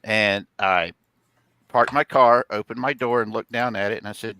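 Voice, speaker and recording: A man's voice: fairly low pitch, fairly even intonation, normal speed, bright, forceful tone, smooth. A middle-aged man telling rambling stories in casual chat on a home live stream, laughing often. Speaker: host, father.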